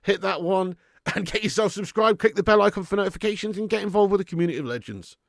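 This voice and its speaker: A man hosting a live football watch-along, who is excitable and jokey and bantering with his chat. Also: high voice, fast, gravelly, no room sound, studio quality. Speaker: live stream host.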